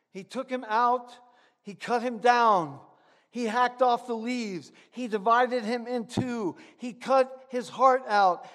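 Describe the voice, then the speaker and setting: A man preaching a sermon and telling a story earnestly, with dramatic pauses. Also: extremely high pitch. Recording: echoey hall.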